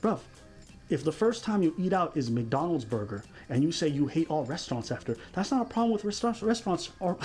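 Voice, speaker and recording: A young man co-hosting a podcast, mocking and animated, swearing freely as he rants. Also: fairly high pitch, brisk, soft background music. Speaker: podcast co-host. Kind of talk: heated podcast commentary.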